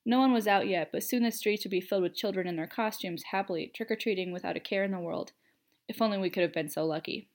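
In a quick tempo, a woman recounts a first-person tale, her middle-pitched voice expressive and even throughout.

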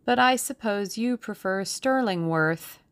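A woman's voice: mid-range voice, expressive, a little slow, a bit bright, voice pushed up. A woman voicing a playful young Englishwoman in an audiobook, with a lilting, coy delivery. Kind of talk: audiobook character reading.

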